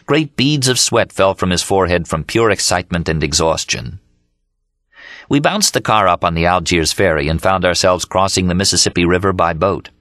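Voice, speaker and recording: A man narrating an audiobook in a steady, measured reading. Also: low voice, dry recording, studio quality. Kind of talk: scripted narration. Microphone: studio mic.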